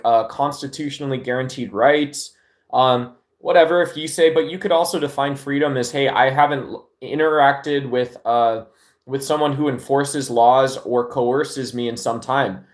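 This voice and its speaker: A man's voice: mid-range voice, moderate pace. A man from Arizona hosting a casual livestream chat, laid-back and rambling, with many fillers and restarts, talking into his phone at home. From Arizona, United States. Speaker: livestream host.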